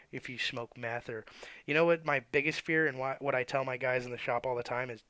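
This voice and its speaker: A man's voice: mid-range voice, bright, forceful tone, no echo. A man who works as an auto mechanic, telling shop stories in a blunt, profane, ranting way. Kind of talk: casual storytelling rant.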